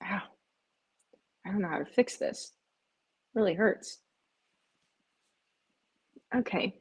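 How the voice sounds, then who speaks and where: Husky-voiced woman chatting on a live stream. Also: slow pace, darkish tone. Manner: chatty, rambling, often breaks off to coax her cats in a high cooing voice. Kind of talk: casual live-stream chat.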